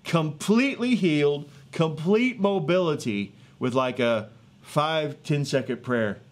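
A man in his thirties or forties, a street evangelist telling a healing testimony in an earnest, excitable way with many fillers and restarts, outdoors in a neighborhood. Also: a little high, measured pace. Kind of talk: animated testimony storytelling.

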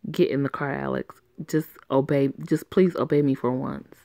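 A woman's voice: extremely low pitch, steady tone, moderate pace, dark tone, no echo. A bossy mother, a woman voices her. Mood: stern. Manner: bossy, commanding. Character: stern controlling mother of a teen boy.

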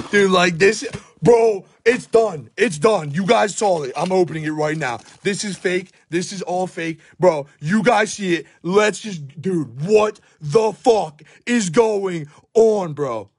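A young man with a hoarse, worn-out voice, frantically narrating a card pack opening at home, swearing and shouting in disbelief while filming on his phone. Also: fairly high pitch, slight background noise. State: hoarse, voice shot. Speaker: sports card pack breaker. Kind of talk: hyped live pack-opening commentary. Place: at home by a table.

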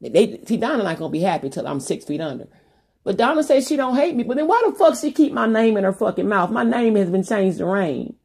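A woman's voice: medium pitch, big pitch swings, fairly quick, creaky, a little mellow, breathy edge. A woman YouTuber talking straight to her viewers in a long, profane, rambling monologue full of restarts and asides.

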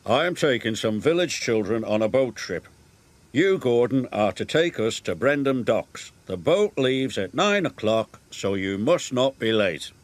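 Man reading a formal railway boss, slow and firm, music loud behind. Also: medium pitch, expressive, close to an everyday voice.

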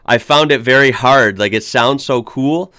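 A man's voice: mid-range voice, a little slow, sharp tone, no echo, studio quality. A young American man hosting a reaction video, chatting casually and upbeat with frequent fillers and restarts. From United States.

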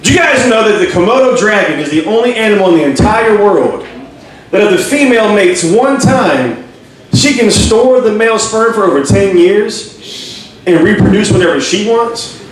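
A man's voice: sits high, normal speed. A man doing a crude stand-up comedy set in a pub, acting out voices of the people in his stories. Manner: crude, animated, acts out voices. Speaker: stand-up comic. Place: crowded pub comedy stage. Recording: echoey room, distant mic, crowd.

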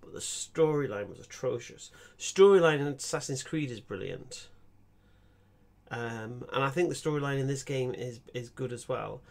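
At a moderate pace, this young gaming streamer chats casually in a gravelly, medium-pitched voice. He rambles, restarts his sentences with stammers, and laughs in lively bursts.

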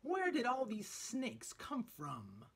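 Snarling, resentful male villain for a storybook read-aloud, a man doing the voice, husky delivery. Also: extremely high pitch, wildly swooping pitch, slow pace, fairly bright tone, pitched above the performer's own voice, full character voice. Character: grumpy male villain, snake-hating TV host.

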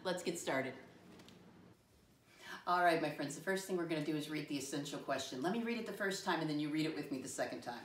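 A woman teaching a first grade class, speaking slowly and clearly to young children and spelling words out letter by letter. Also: low voice, expressive. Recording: roomy sound from a distant mic.

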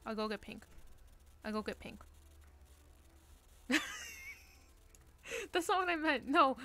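A woman's voice: a little high, a bit bright. A woman streaming a game from her bedroom, chatting playfully with mock-dramatic pleading and jokes. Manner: playful, melodramatic pleading and joking. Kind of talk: live gameplay stream chat.

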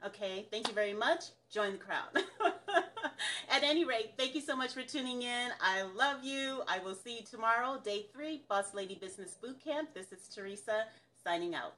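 A woman's voice: fairly high pitch, animated, moderate pace, sharp tone. A woman from the American South hosting a casual business coaching livestream, chatty and upbeat, laughing often as she talks to viewers.

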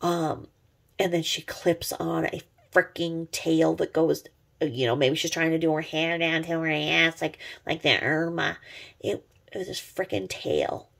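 A woman's voice: sits low, steady tone, unhurried, creaky, a bit bright. A middle-aged woman giving a sarcastic, profane gossip commentary as a vlogger, mocking someone she watches online.

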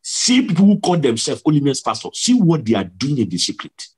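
A preacher lifts his voice to act out a stern, furious heavenly man who hammers the same words again and again. The voice rides high and swings wide, with a husky edge to it. It booms as if shouting from above. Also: wildly swooping pitch, a little fast, full character voice. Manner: stern, thundering, repeating himself. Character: angry divine man speaking from heaven.

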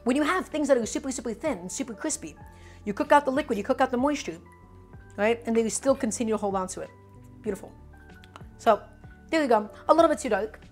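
Brooklyn-accented woman streamer, R sounds don't land, higher voice, chatty with viewers, faint music underneath. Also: animated, quick pace, long pauses. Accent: Brooklyn New York. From Brooklyn, New York. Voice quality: cannot pronounce R sounds. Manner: chatty, talks directly to viewers. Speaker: cooking streamer. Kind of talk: casual live cooking stream, chatting with viewers.

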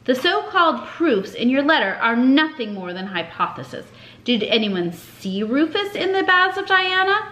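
Lady putting on a grumpy sarcastic old teacher guy, lectures and barks, lively pitch. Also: normal speed, muffled recording, heavily acted. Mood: lecturing. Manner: snarling, commanding, contemptuous. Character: stern sarcastic old male schoolteacher. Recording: echoey room.

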